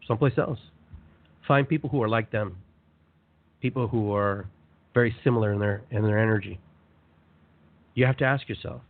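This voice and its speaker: Man talking over a tinny phone line. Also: medium pitch. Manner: animated, conversational, repeats phrases for emphasis. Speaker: radio show host. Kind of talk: motivational spiritual monologue.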